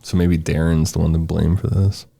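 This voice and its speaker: Brief: male podcast co-host, casual storyteller, deep and dark. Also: little pitch movement, moderate pace, gravelly. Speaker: podcast co-host presenting the case.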